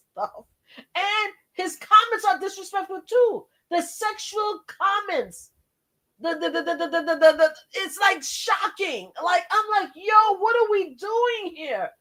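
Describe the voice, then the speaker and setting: A woman who is a grandmother, hosting her own channel and chatting casually, animated and laughing often, swinging between exclamations and low asides. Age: older. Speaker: host. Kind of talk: casual chat.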